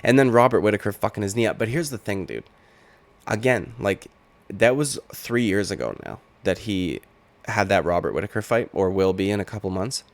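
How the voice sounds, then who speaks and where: A man's voice: fairly low pitch, lively intonation, normal speed. Casual, profane young man riffing on fights. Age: late 20s. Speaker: MMA YouTuber. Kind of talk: reaction commentary.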